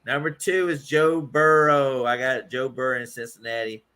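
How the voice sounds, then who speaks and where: Bright-voiced man ranking players. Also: mid-range voice, little pitch movement, moderate pace, smooth. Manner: runs through a ranked list, drawn out. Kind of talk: casual sports chat.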